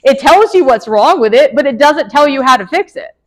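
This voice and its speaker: A woman's voice: high voice, expressive, fairly quick, rough recording. Chatty woman teaching a class. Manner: chatty, laughs often, asks the room questions. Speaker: real estate broker teaching agents. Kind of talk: casual classroom lecture.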